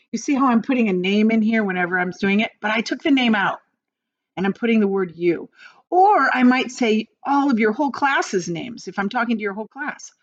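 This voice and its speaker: A woman's voice: mid-range voice, lively intonation, moderate pace, highs cut off. A woman teacher giving a recorded grammar lesson, speaking patiently and encouragingly to young students.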